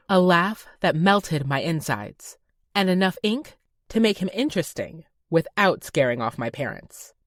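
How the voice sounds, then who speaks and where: A woman's voice: fairly low pitch, dry recording, studio quality. Woman narrating a dreamy romance. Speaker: audiobook narrator. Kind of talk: first-person romance narration. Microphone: close studio mic.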